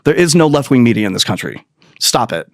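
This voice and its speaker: A man's voice: mid-range voice, big pitch swings, a little fast, no room sound, studio quality. A man hosting a podcast, delivering a profane, sarcastic political rant full of mocking mimicry. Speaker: podcast host.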